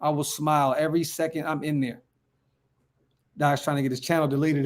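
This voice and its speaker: A hyped man from Northern California hosts a casual fan livestream, reading viewer comments aloud and answering them. His voice sits a little high for a man, and his talk is slangy and full of repeated phrases. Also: little pitch movement, a little fast, long pauses. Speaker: fan channel livestream host.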